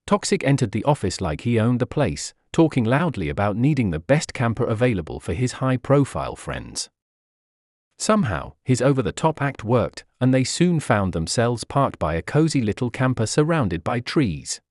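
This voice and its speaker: Man narrating a story, very lively pitch. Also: normal speed, no echo, studio quality.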